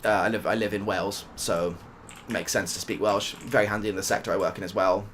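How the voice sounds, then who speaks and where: This young British ASMR gaming streamer speaks at a quick pace in a lowish, slightly bright voice with fairly even intonation. He rambles casually through a story while gaming, swearing now and then, in soft-spoken gameplay chat. There's a little hiss or hum.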